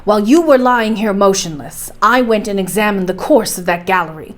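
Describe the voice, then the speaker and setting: A woman voicing a stubborn, fearless older male professor in a storybook reading, speaking in a forceful, commanding way. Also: medium pitch, lightly acted. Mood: persuasive. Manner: forceful and commanding, slowing to insist.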